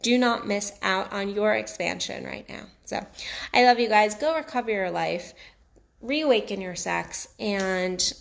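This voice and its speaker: Gravelly-voiced coach with a New York-Texas accent. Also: female voice, mid-range voice, measured pace. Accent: mixed New York and Texas. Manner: blunt, casual, swears freely, repeats for emphasis. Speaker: sex and relationship coach. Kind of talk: motivational direct-to-camera talk.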